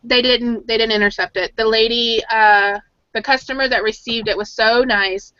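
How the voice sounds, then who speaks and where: Chatty bright-voiced woman storyteller. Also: a little high, steady tone, normal speed, clean tone, dry recording. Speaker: podcast co-host. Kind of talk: casual chat. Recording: dull lo-fi audio.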